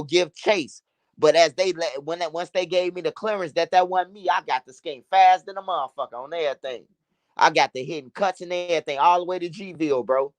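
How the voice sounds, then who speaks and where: A man casually telling a profane, animated street story, repeating phrases for emphasis. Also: a little high, dry recording.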